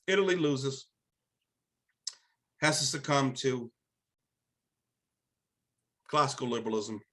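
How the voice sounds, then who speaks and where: Forceful, preachy male commentary host. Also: medium pitch, animated, takes it slowly, low-quality recording. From America. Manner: emphatic, preachy, keeps asking "right?". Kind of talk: live commentary monologue.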